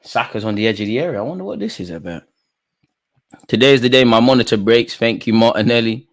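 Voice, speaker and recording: A young man reacting live to a football match, talking to players and the referee, swinging between low mutters and high shouts. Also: animated, fast talker. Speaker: football watchalong streamer.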